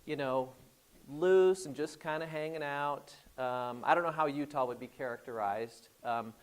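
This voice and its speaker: A man from the American Midwest with a Midwestern accent, speaking as a guest in a classroom, relaxed and rambling with many pauses and fillers. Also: on the high side, smooth. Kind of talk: informal classroom talk.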